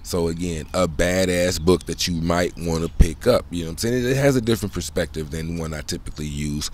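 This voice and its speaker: A man speaks in a fairly low voice, talking on his own in a casual, winding monologue. He leans on street slang and swearing. He keeps checking in with the listener. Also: fairly quick, darkish tone. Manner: rambling, loose slang, frequent "you know what I'm saying"; profane, conversational. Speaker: solo channel host.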